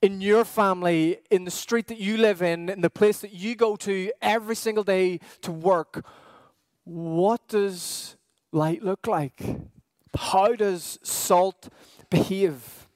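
Man, sermon, slow deliberate delivery, dry close sound. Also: high voice, a little mellow, no room sound. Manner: earnest, questioning, with slow emphatic pauses. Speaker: pastor.

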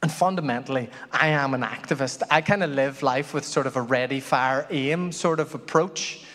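A man preaching a sermon as pastor, telling stories in an animated way that swings from loud to hushed. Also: medium pitch, normal speed. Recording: long hall reverb.

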